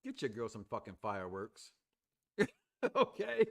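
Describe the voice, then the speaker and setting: A man co-hosting a casual review show, loud and playful, crude jokes, acting out the characters as he recaps. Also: lowish voice, wildly swooping pitch, measured pace, gravelly.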